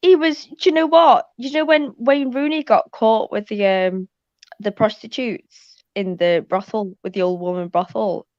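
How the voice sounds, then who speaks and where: Animated woman, swearing freely. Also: on the high side, a little slow, dry recording. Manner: animated storytelling, heavy swearing. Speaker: panel guest. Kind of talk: casual chat. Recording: slightly muffled, dull audio.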